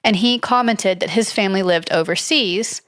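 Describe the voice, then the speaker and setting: A woman's voice: medium pitch, moderate pace, fairly bright tone, dry recording, studio quality. A woman co-hosting a podcast, casually retelling a ghost story from her notes, hedging often with "like" and "I don't know.". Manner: chatty, hedging, reads from notes with frequent likes and I don't knows. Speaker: podcast co-host.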